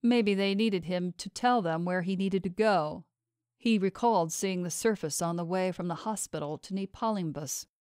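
A woman's voice: on the low side, normal speed, no echo. Woman narrating a novel, dry close sound. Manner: steady, even storytelling. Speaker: audiobook narrator. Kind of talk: scripted audiobook narration.

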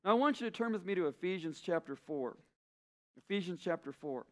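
A male pastor delivers a sermon in a fairly high voice. He preaches with passion, stacking repeated phrases to press his point home. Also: expressive, brisk.

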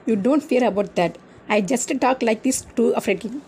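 A woman's voice: on the high side, moderate pace, darkish tone, slight background noise, close to an everyday voice. A woman voicing a bold, fearless schoolgirl who talks tough and encourages a shy friend. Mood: encouraging. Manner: boastful threats, then friendly and encouraging. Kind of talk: storybook drama.

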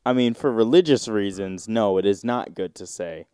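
A man hosting a casual solo podcast, reading search results aloud and riffing on them in a rambling, drawn-out way with sudden mocking outbursts. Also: on the low side, dark tone, smooth, no room sound, studio quality. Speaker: podcast host.

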